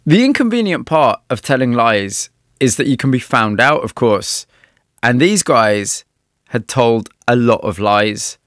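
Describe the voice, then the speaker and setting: A man's voice: medium pitch, big pitch swings, measured pace, fairly bright tone, no room sound, studio quality. A man narrating and interviewing in a documentary style, asking probing questions.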